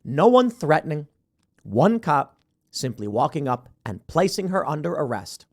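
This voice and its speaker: Animated male political commentator, highish voice. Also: a little slow. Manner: animated, emphatic, sarcastic asides. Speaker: show host and commentator.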